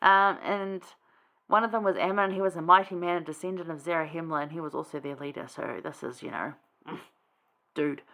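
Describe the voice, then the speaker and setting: A woman's voice: low voice, fairly quick, sharp tone. A woman hosting a casual scripture study, chatty and rambling, with many fillers and asides.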